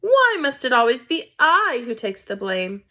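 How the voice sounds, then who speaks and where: A woman's voice: high voice, sing-song, unhurried, sharp tone, full character voice. A woman voicing a haughty French mother mouse who speaks with a French accent and scoffs at everything her husband says. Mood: indignant. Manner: exasperated, scoffing.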